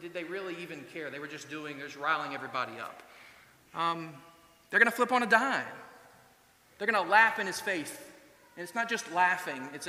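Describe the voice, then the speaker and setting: A high-voiced, bright and forceful male pastor in his thirties, preaching a sermon. He talks earnestly and conversationally and leans on rhetorical questions. His voice rings through a large church hall with a long reverb.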